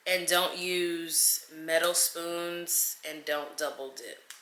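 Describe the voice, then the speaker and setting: A woman's voice: fairly low pitch, fairly even intonation, slow pace, pushed and bright, slight background noise. A young woman chatting casually to camera in a vlog, dramatic and talking to viewers as y'all. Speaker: vlogger. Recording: echoey room.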